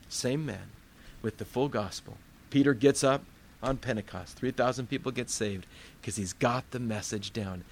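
A man's voice: fairly low pitch, a little hiss or hum. A man preaching a sermon in a conversational, storytelling way, often acting out the voices of the people in his story.

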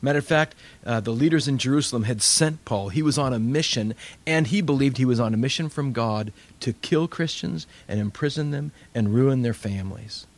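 Animated male preacher telling stories. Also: medium pitch, fairly quick. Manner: animated storytelling, acts out quoted voices. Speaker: pastor. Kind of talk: sermon.

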